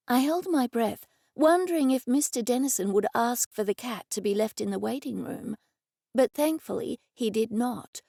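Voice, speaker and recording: A woman reads an audiobook in the first person with a lively, expressive delivery. Her voice sits fairly high and has a gravelly texture. The studio mic is close and the sound is dry. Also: moderate pace, dry recording. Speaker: audiobook narrator. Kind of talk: scripted narration.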